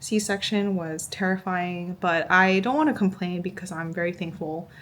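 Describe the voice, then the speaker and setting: A woman's voice: fairly low pitch, moderate pace, a bit bright. A young woman vlogger telling a personal story in a casual, chatty way, peppered with "like" and acting out quotes. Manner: chatty, heavy use of "like" fillers, acts out quotes.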